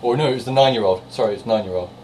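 A podcast co-host with a lowish, slightly mellow voice talks very fast in a casual chat, telling stories and laughing often. He comes across as a chatty storyteller, recorded on a distant mic with faint hiss.

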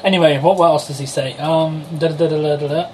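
A man's voice: on the high side, steady tone, fairly quick, a little mellow, a little hiss or hum, poor audio. A man co-hosting a podcast, laid-back and teasing in casual banter. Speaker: podcast co-host.

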